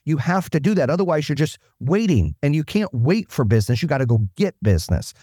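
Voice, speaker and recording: A man's voice: on the high side, very animated, dark tone, breathy edge, no room sound, studio quality. A man speaking as a podcast guest, telling blunt, profane stories in casual talk. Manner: blunt, profane, fast-talking. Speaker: guest, business owner. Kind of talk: casual storytelling.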